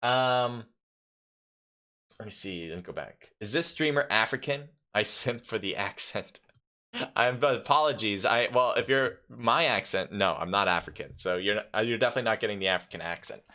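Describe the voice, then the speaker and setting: Bright-voiced esports caster, man. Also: on the low side. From New York, United States. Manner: reads scores off quickly, chatty with viewers, many fillers. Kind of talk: solo live esports commentary.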